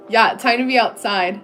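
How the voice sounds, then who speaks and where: A woman's voice: a little high, fairly bright tone. A woman from the United States hosting a casual live stream from her home desk, chatting loosely with viewers, full of "like" fillers and frequent laughs. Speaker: livestream host.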